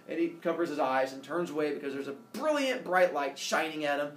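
A man telling a story to listeners in a lively, jokey way. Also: a little high, fairly quick, few pauses. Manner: animated, jokey retelling of myth. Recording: echoey room, distant mic, faint hiss.

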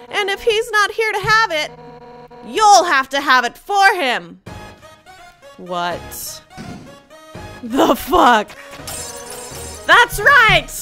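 A woman voicing a brash, fierce female fish-monster warrior captain from a game, loud and overeager. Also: extremely high pitch, pitched above the performer's own voice, full character voice. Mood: shouting. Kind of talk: reading game dialogue aloud.

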